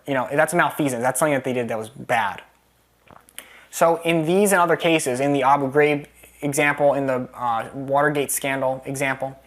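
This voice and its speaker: A man tutoring through a test question, casual and rambling, with many restarts and fillers. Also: a little high.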